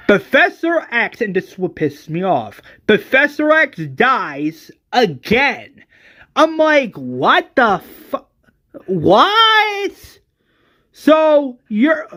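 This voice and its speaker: A man giving a casual, exasperated movie review, animated and full of restarts and hesitations. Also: high-pitched.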